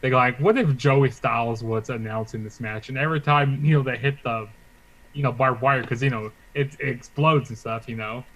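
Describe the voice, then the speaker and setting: A man's voice: mid-range voice, fairly bright tone, rough recording. Chatty man co-hosting wrestling talk. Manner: chatty, filler-heavy, trailing off. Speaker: co-host. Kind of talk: casual podcast chat.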